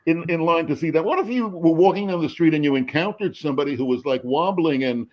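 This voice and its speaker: An older man with a fairly high voice tells stories with animated energy, stumbling and restarting as he builds his point. The sound is dull and lo-fi, like a video call. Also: fast talker. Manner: expressive storyteller with many restarts, animated. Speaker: screenwriter and professor. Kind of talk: animated panel talk.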